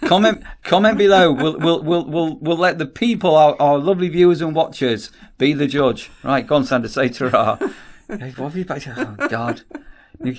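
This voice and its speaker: A man's voice: fairly high pitch, normal speed. A middle-aged man with a Northern English accent, teasing and joking in casual vlog banter. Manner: teasing, jokey, laughs often. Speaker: vlogger.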